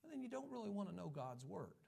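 A man preaching a sermon, reading scripture slowly and building to emphatic, rising bursts as he addresses his church. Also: high voice, sing-song, vocal fry, darkish tone, husky. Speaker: pastor.

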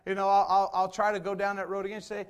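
A man's voice: high voice, completely flat delivery, fast, clean tone. A man in his forties, a pastor, preaching a sermon in a church, earnest and full of rhetorical questions.

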